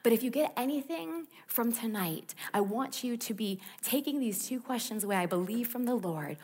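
A woman preaching at a camp, switching between chatty, animated storytelling and quiet, earnest reflection. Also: a little high, normal speed, breathy edge. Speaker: camp speaker. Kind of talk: sermon.

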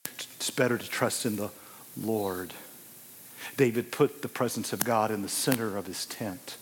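A man in his sixties preaching a sermon, swinging from hushed asides to loud, emphatic exclamations. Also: on the low side, measured pace, a little hiss or hum.

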